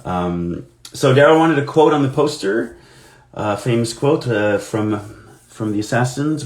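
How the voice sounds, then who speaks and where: A man's voice: mid-range voice, lively intonation, measured pace. A man, an actor, chatting casually on a live stream while signing autographs, telling anecdotes in a self-deprecating way.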